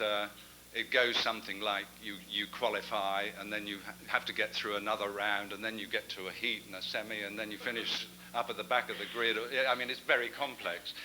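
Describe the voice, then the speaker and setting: A man's voice: fairly low pitch, sharp tone, slight background noise, poor audio. A man giving an after-dinner talk as guest speaker, a chatty storyteller with self-deprecating asides. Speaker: guest speaker at a club gathering.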